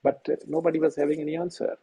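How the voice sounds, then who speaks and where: A middle-aged man from Pakistan, a senior physician telling a personal story over a video call, halting and earnest with many fillers and restarts. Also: fairly high pitch, little pitch movement, warm tone, a little hiss or hum, rough recording.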